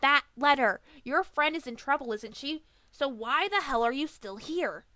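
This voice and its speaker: A brash young griffin girl who yells and accuses in slangy bursts, as a woman reader puts her on. Her voice jumps high and swings wildly in pitch, loud and up close in a dry, dead recording. It fits a fan audiobook reading. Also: animated, moderate pace, no room sound. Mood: furious. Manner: shouting, confrontational, slangy.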